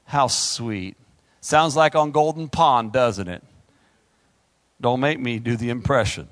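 A man's voice: medium pitch, unhurried, fairly bright tone, no echo. A man preaching a fervent sermon, calling out to the congregation and swinging his delivery up and down. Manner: fervent call-and-response preaching, rising and falling.

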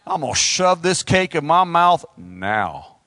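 A man's voice: fairly high pitch, sing-song, measured pace, sharp tone, no room sound. A man preaching an impassioned sermon, calling out to his congregation.

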